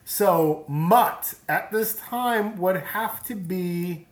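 A man's voice: sits high, extremely slow, echoey room. A man co-hosting a casual chat, swearing and laughing through rambling banter, recorded on a phone. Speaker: podcast co-host. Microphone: phone app.

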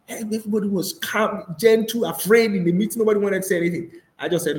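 A man's voice: high voice, fairly quick, reverberant, poor audio. A man preaching a sermon as pastor, telling stories with energy and acting out the voices of people he quotes. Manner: animated storytelling, acts out quoted voices. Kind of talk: sermon over a voice call.

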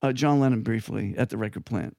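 An older man from Long Island, a guest musician telling rambling, animated stories with frequent asides in an interview. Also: lowish voice, brisk, gravelly, no room sound, studio quality. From Long Island, New York. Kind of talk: anecdotal storytelling in an interview.

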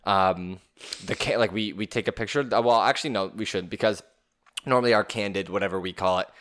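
A man's voice: fairly low pitch, brisk, fairly bright tone. A man co-hosting a casual podcast chat, rambling and circling back on his words. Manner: rambling, many restarts and fillers. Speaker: podcast co-host.

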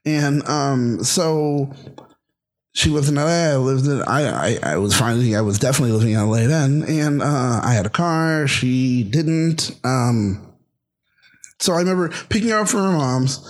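A man of Haitian background, co-hosting a dating podcast, tells a story in an animated, casual way, often laughing and tossing in quick asides. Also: medium pitch. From Haitian family.

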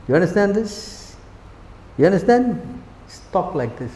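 A man delivers a sermon-style spiritual class in a temple hall, his voice sitting high for a man. He is emphatic and keeps pressing his listeners with short rhetorical questions. The room is echoey, and each phrase trails off in a long reverb. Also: very animated, a little slow, pauses often, mellow, a little hiss or hum. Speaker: spiritual teacher giving a class.

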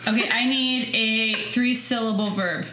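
A woman's voice: a little high, fairly even intonation, a little slow, bright, forceful tone. A woman hosting a podcast, leading a casual word game with an upbeat, giggly manner. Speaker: podcast host. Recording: roomy echo, faint noise.

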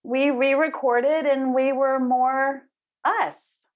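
A woman's voice: high-pitched, fairly even intonation, slow, muffled recording. A woman co-hosting a podcast in casual chat, teasing her partner and laughing often. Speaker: podcast co-host.

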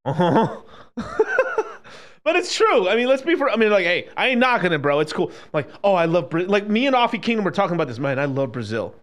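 A man ranting casually on a stream, profane and animated, swinging between loud outbursts and low mutters. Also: fairly quick.

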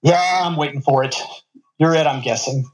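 A man's voice: fairly high pitch, normal speed, lightly acted, low-quality recording. A man voicing a tough, hard-drinking young woman student who answers curtly and snaps at people. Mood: weary. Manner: curt, snappish.

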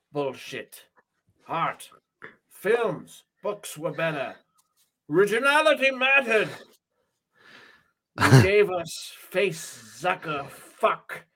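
Man doing a bitter pompous villain, high strained voice, drawn-out indignant shouting, ranting. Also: heavily acted.

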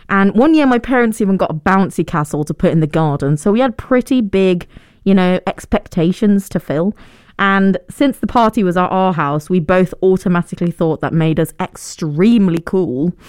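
Young woman, podcast host, casual storytelling, self-deprecating, low smooth voice. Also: a little mellow, no room sound, studio quality. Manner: chatty and self-deprecating, laughs often.

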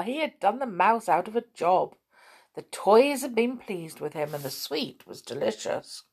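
A woman reading a children's story aloud, gentle and chatty with asides. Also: lowish voice, sing-song, measured pace. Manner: gentle, chatty asides, clears throat often.

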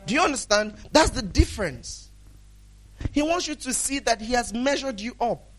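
High-voiced male pastor preaching conversationally. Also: expressive, normal speed, a bit bright, faint music behind. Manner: conversational preaching, acts out dialogues, laughs often. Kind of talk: sermon.

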